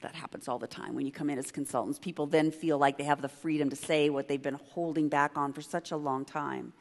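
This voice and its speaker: A woman giving a conference talk as a leadership consultant, telling a story in an emphatic, conversational way with quick asides to the audience. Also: low-pitched, fairly even intonation. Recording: long reverb of a large hall.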